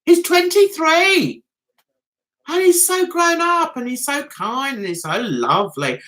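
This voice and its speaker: A woman's voice: high voice, huge pitch swings, normal speed, pushed and bright. A middle-aged British woman hosting a casual live-stream chat, reading out viewers' comments and laughing at herself. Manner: giggly, chatty, often laughs at herself.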